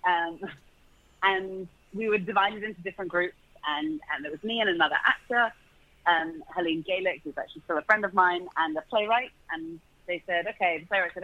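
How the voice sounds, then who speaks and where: British man, guest, chatty and self-correcting, high and bright. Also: a little fast, muffled recording. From Britain. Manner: chatty, many restarts, laughs easily. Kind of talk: casual interview chat.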